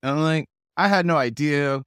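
A man from the Pacific Northwest, a guest telling stories in a relaxed, casual way, often chuckling. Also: a little high, normal speed, clear, resonant tone, dry recording, studio quality. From Pacific Northwest, USA. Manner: relaxed, chuckles often, acts out quoted voices. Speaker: guest, rapper and actor. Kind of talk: casual conversational storytelling.

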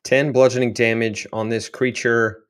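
A man acting as game master for a tabletop game. His pitch sits in an ordinary middle range, and he narrates in a relaxed, rambling way with plenty of fillers. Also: moderate pace. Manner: descriptive, loose narration with fillers.

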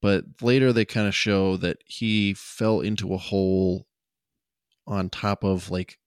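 A man's voice: deep voice, steady tone, measured pace, clean tone, no room sound, studio quality. A young man co-hosting a podcast, recapping a cartoon episode in a loose, rambling way full of "like". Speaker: podcast co-host. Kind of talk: casual chat.

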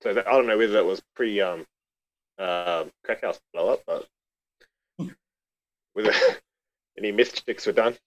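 A man's voice: lowish voice, measured pace, long pauses. A man recalling childhood stories in a casual chat, easygoing and swearing casually. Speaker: podcast guest. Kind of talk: casual storytelling. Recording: dull lo-fi sound.

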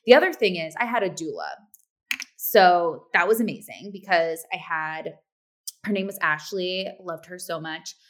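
A woman in her thirties, a podcast co-host chatting casually and acting out quoted lines with sudden pitch jumps. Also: expressive, normal speed, a bit bright. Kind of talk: casual chat.

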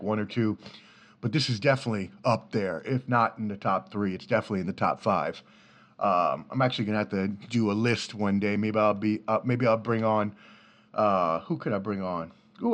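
A man in his thirties from the Washington, D.C. area, hosting his own podcast from a home studio in an apartment, talking in a loose, profane, easygoing way and laughing easily. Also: fairly low pitch. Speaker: podcast host. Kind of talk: casual solo podcast rambling. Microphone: studio mic through a preamp.

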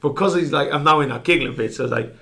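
A former footballer on a podcast rattles off a long, sweary dressing-room story very fast in a slightly high, gravelly voice, laughing frequently as he goes. A loud crowd can be heard during the casual anecdote.

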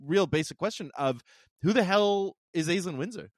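Lively man hosting a podcast. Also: high voice. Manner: animated, chuckling, quick reactions. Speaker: podcast host. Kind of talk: casual chat.

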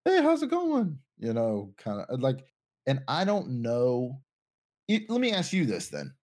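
A man's voice: medium pitch, wildly swooping pitch, unhurried, a little mellow. A young man co-hosting a casual podcast chat, rambling and thinking aloud with lots of restarts. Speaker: podcast co-host.

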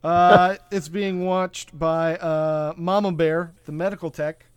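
A man's voice: a little high, steady tone, slow, smooth, no room sound. A man hosting a podcast, recapping a film in a rambling, casual way with lots of fillers and asides. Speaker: podcast host. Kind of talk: casual movie recap chat.

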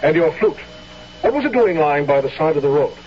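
A man's voice: fairly high pitch, lively intonation, close to an everyday voice. A man playing a stern interrogating general. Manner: measured, authoritative. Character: stern commanding general, probing and grave. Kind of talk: 1970s radio drama acting. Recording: dull old radio broadcast with faint hiss.

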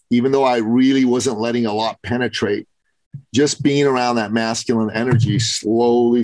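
A man's voice: medium pitch, no room sound, poor audio. A man telling a personal story in casual podcast chat, growing fervent and preachy. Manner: fervent, builds to preaching intensity.

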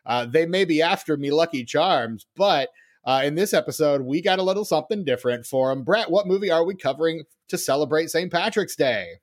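A man's voice: fairly high pitch, fairly quick. A man hosting a casual film podcast, joking and punning as he talks. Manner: jokey, punning, animated. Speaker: podcast host.

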